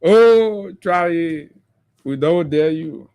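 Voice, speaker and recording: A man's voice: sits high, big pitch swings, measured pace, long pauses. A man with a Liberian English accent, hosting a radio morning show and giving impassioned, mocking political commentary full of rhetorical questions.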